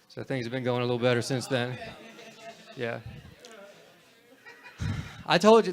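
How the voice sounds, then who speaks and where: A man's voice: a little high, fairly bright tone, clean tone. A young man from Florida doing a rambling, crude stand-up set on a club stage. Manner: laid-back, rambling, crude. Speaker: stand-up comedian.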